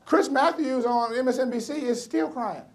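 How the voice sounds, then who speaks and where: A man's voice: very high voice, normal speed, a little hiss or hum. Middle-aged man telling wry stand-up stories. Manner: wry, punchy asides with comic timing. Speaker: comedian. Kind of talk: stand-up storytelling.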